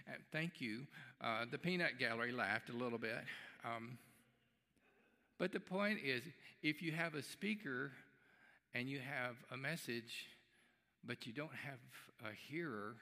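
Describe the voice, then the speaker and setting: A man preaching a sermon in a church sanctuary, his bright and forceful voice carrying a long, lingering reverb. He tells folksy stories and slips into acted voices for the people in them. The recording is a live service stream. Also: mid-range voice. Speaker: pastor.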